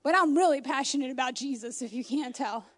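Passionate woman preacher, very high voice, exclamatory, recorded on a phone at home. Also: a little fast. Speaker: homeschool mom preaching. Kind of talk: informal sermon.

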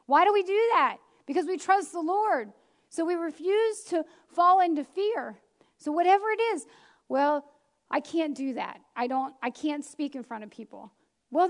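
A woman preacher giving a lively, chatty sermon with self-deprecating asides. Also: very high voice. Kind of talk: conversational sermon.

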